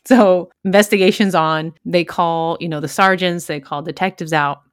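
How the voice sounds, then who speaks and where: A woman's voice: lowish voice, fairly even intonation, moderate pace, clean tone, dry recording, clean studio sound. A woman who works crime scenes, casually telling a gross work story with candid laughs.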